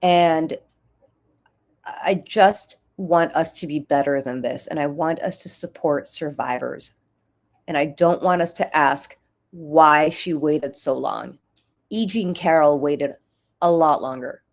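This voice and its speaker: Speaking slowly in a low-pitched voice, a woman who is a political commentator and nonprofit leader delivers emotional, urgent talk-show commentary. She hammers home her main points by repeating them.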